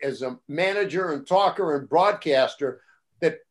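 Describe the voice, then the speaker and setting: An older man, a former wrestling broadcaster, telling casual stories on a talk show and acting out the voices of the people he quotes. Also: moderate pace. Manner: animated, acts out quoted voices with rising pitch and loudness. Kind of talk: casual anecdotal storytelling.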